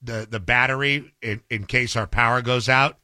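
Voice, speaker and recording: Grumbling bright-voiced male radio host. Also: medium pitch, fairly even intonation, moderate pace, no echo. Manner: grumbling, dry, self-described cranky. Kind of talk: casual on-air banter.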